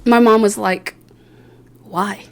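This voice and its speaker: A woman's voice: medium pitch, fairly even intonation, slow pace, vocal fry. A young woman vlogger telling a casual, rambling story about herself, chatty and self-mocking, with lots of fillers and quoted asides. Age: young adult.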